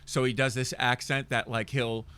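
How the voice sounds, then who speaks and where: A man's voice: medium pitch, level tone, normal speed, bright, forceful tone, smooth. A young man co-hosting a podcast, talking in a loose, crude, joking way and rambling through stories. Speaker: podcast co-host. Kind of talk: casual chat.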